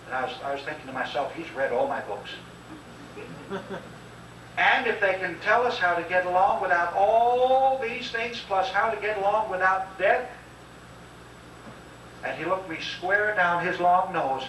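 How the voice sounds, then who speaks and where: A man's voice: high-pitched, expressive, measured pace, pauses often, fairly bright tone, a little hiss or hum. A man giving an impassioned public lecture, emphatic and preacher-like, urging listeners to answer aloud. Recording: old echoey VHS tape from far off.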